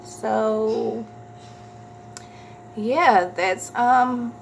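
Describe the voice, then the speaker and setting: A woman, chatting casually as a vlogger and telling a story with animated quoted voices. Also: fairly high pitch, very slow, creaky, a little hiss or hum.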